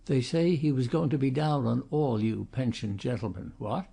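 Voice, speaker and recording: A man's voice: medium pitch, moderate pace, vocal fry, mellow, breathy edge. A man doing a sneering, insolent tradesman. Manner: sneering, blunt.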